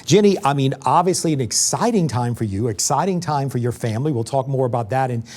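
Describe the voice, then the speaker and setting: A man's voice: medium pitch, animated, fast, darkish tone. A man interviewing a new school principal in a friendly, conversational way. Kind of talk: interview host.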